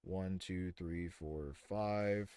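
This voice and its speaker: With a low, dark, smooth voice and fairly even intonation, a young man speaks extremely slowly as he live-streams himself building in a game. He thinks out loud casually, rambling and restarting with many fillers.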